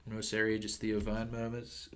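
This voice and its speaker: A man's voice: fairly low pitch, completely flat delivery, moderate pace, over music. A man casually chatting on his reaction stream, offhand and mumbling.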